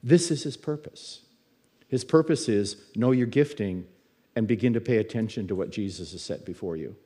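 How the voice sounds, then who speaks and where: A man's voice: on the low side, normal speed, dark tone, breathy edge. A middle-aged man teaching in a church service in a conversational, storytelling way, often stammering and restarting his words.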